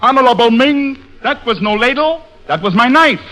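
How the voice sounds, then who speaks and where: A man performs a heavily acted, sly sing-song dialect joke, pitching his voice very high, well above his natural range. The delivery has a sharp tone, lively intonation and a moderate pace.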